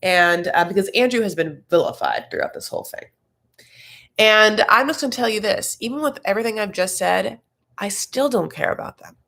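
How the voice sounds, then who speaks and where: A woman hosting a casual live recap chat. She rambles with lots of filler words and slips into quick impressions of people. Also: mid-range voice, creaky, fairly bright tone. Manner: rambling and chatty, heavy on "like"; breaks into quick voiced impressions. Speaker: host.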